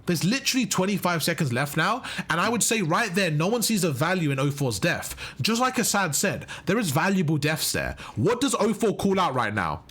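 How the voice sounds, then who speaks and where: A man's voice: high voice, big pitch swings, brisk, hardly any pauses, fairly bright tone, husky. A man coaching viewers through match footage, emphatic and often checking in with "right?" and "okay?". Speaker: competitive gaming coach.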